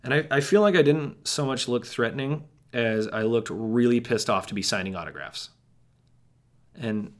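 A man's voice: fairly low pitch, fairly bright tone. Man as a jittery paranoid hiker. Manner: rambling, wry asides to listener. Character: jittery paranoid young man lost on trail. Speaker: first-person narrator. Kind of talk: monologue storytelling.

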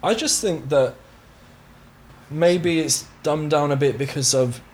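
A man's voice: on the high side, darkish tone. A young man from Somerset with a light Somerset accent, chatting casually as a podcast guest and telling stories. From Somerset, England. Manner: chatty, storytelling, quick to laugh. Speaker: guest musician.

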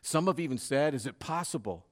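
A man preaching a sermon with fervor, dropping to a hush and then rising to loud, dramatic peaks. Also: medium pitch, animated, fairly quick. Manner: dramatic preaching, swinging from hushed to loud, fervent.

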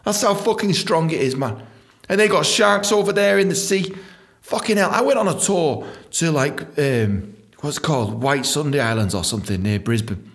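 A young man, telling a rambling, profane comic story as a podcast host. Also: normal speed. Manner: profane, animated storytelling with sudden high-pitched voices.

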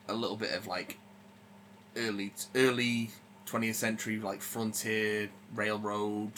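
A man's voice: on the low side, pushed and bright, a little hiss or hum. A man co-hosting a podcast, chatting casually and rambling with lots of ums and restarts. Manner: rambling, many fillers and restarts. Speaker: podcast co-host. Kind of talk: casual chat.

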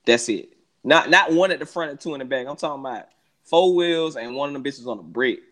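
A man's voice: medium pitch, brisk, pushed and bright. A man co-hosting a podcast in slangy casual banter, joking and laughing a lot. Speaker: podcast co-host.

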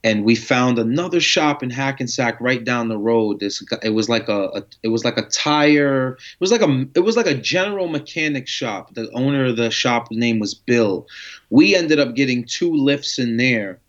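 A man recounts his past in a relaxed interview, jumping into the voices of the people he talks about with lots of slang. His voice sits at a middle pitch. The audio is slightly muffled and lo-fi. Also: moderate pace. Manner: animated, acts out dialogue with slang and swearing. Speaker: guest telling his story. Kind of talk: casual storytelling interview.

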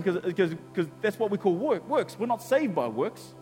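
A man's voice: sits high, a little fast, long reverb tail, soft background music. A male pastor preaching a sermon and telling a personal story, acting out the dialogue. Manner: animated storytelling, acts out dialogue.

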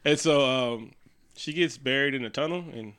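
A man recapping a movie in casual, profane chat, acting out the characters in quick quotes. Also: medium pitch, a bit bright, smooth. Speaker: co-host.

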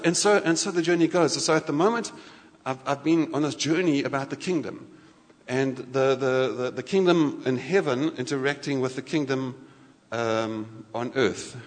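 A man preaching a sermon in a lively, conversational way, often restarting his sentences. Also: mid-range voice. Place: church hall. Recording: church hall reverb.

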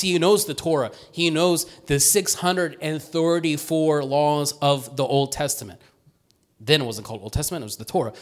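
A man preaching a sermon as pastor, in a conversational, animated way, often tagging "right?" and acting out quotes. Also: on the high side.

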